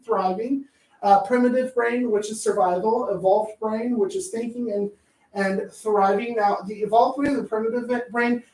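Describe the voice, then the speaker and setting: A woman gives a loose, chatty talk about parenting. She jokes and slips into little acted voices. She sounds some way off from the mic, in a room with plenty of echo. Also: medium pitch. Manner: chatty, jokey, acts out voices and sings snatches. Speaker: parenting educator. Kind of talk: casual presentation. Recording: echoey room, voice from a distance.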